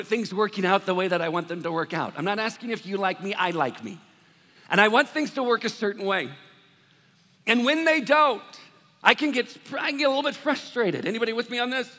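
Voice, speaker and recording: A male pastor preaches in a bright, high voice that carries through a big reverberant hall. He moves between conversational asides and loud, emphatic declarations. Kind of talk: sermon.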